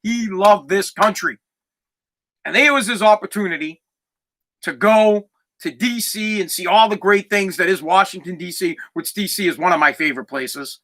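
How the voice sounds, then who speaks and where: A man's voice: high voice, normal speed, fairly bright tone. A man in his thirties, a podcast host, telling a personal story in a candid, rambling way with a lot of swearing, close to tears.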